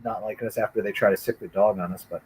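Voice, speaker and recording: A man's voice: fairly low pitch, steady tone, fast talker, slightly rough, low-quality recording. A man telling childhood stories in casual chat, acting out the voices of the people in them. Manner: acts out voices in his stories, loud whoops. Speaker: storyteller on a stream. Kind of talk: casual chat, animated storytelling.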